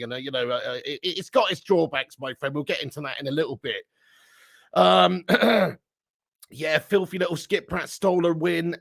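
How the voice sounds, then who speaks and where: A man's voice: high voice, gravelly, no echo, studio quality. A man hosting a live football stream, bantering and teasing viewers in the chat with swearing.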